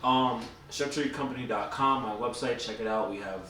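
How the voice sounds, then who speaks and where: Bright-voiced chef co-host, echoey room. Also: male voice, medium pitch, brisk. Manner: joking, rambling plugs. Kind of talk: casual chat. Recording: echoey room, mic from a distance, some noise.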